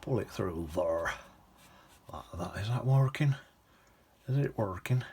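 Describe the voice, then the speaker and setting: A man's voice: lowish voice, lively intonation, a little slow, slight background noise. A man teaching watercolour, chatting casually and often dropping to a whisper as he paints. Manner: chatty, drifts into soft whispers and hums while painting.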